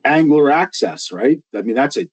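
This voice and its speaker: A man speaking as a podcast guest in casual chat, measured and careful with his words. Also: fairly high pitch, expressive, husky, no room sound, poor audio. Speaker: guest, artificial reef program worker.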